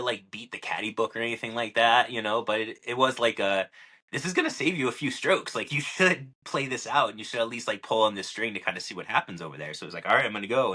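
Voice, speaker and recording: A man's voice: lowish voice, bright, forceful tone. A young man co-hosting a podcast, telling a long story in casual chat, with many fillers and restarts. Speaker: podcast co-host.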